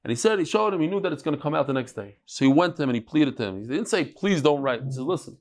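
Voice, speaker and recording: Lively man teaching a Talmud class. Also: a little high, rapid-fire. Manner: storytelling, banters with students.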